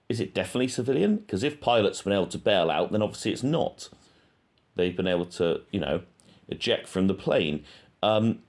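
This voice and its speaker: Deep-voiced man musing hesitantly. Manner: hesitant, thinking aloud with frequent ums. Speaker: true-crime channel host. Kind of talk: casual spoken monologue.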